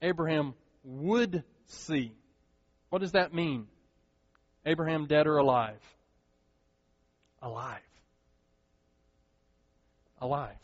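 A pastor preaching a sermon, animated and acting out the voices of the people he quotes. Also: a little high, slow pace, pauses often. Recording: dull, long hall reverb.

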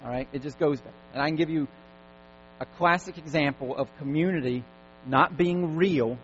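A man's voice: fairly high pitch, a little fast. A man preaching a sermon in a church service, stacking emphatic repeated commands. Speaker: pastor. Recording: dull lo-fi sound with faint mains hum.

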